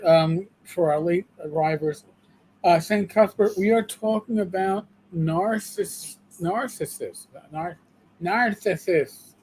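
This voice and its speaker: Emphatic New York male co-host, high voice, faint noise behind. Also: slow pace, mellow, low-quality recording. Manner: emphatic, repeats and restarts words. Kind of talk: casual livestream discussion.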